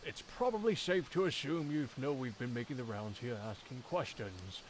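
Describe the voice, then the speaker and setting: A man's voice: mid-range voice, moderate pace, slight background noise, close to an everyday voice, rough recording. A man voicing a flamboyant, theatrical would-be detective in a put-on standard British accent, grandiose and wordy, for a game reading. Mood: smug.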